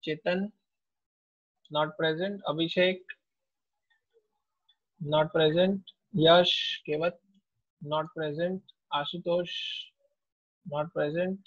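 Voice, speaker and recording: A man, a teacher taking attendance in an online class in a slow, unhurried way. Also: on the high side, fairly even intonation. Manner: slow, unhurried roll call. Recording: tinny, phone-like audio.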